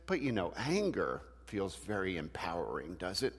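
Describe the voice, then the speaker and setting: A man's voice: fairly low pitch, sing-song, normal speed, few pauses, fairly bright tone, slightly rough. Man teaching a church class in a reverberant hall. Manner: conversational, asks the class rhetorical questions.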